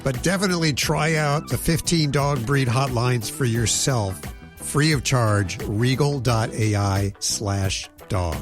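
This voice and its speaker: A man's voice: mid-range voice, measured pace, over loud music. A man hosting a radio show, chatting casually and reading a sponsor plug.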